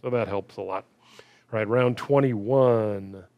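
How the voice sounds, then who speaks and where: A man's voice: lowish voice, slow, no room sound, lo-fi sound. A man casually commenting while playing a puzzle game, thinking aloud and muttering about his own mistakes.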